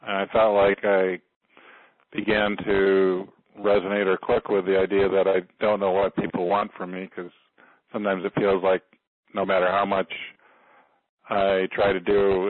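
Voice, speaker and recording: A man with a low voice talks slowly and hesitantly, pausing to find the words for how he feels. The audio is dry and thin, like a phone call. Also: no room sound. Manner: hesitant, soft-spoken, searching for words. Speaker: volunteer in a healing demonstration. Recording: dry, tinny phone-like sound.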